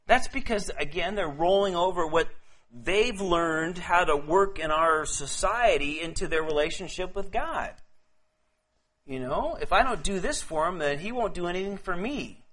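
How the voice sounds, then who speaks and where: High-voiced man preaching conversationally. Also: animated, a bit bright. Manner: casual and halting, often repeating words; reads scripture slowly and deliberately. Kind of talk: conversational sermon.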